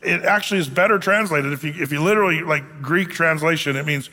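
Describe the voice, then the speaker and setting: A man's voice: on the high side, quick pace, bright, forceful tone, in a large hall. A male pastor preaching a sermon, explaining scripture in a casual, conversational way with everyday asides.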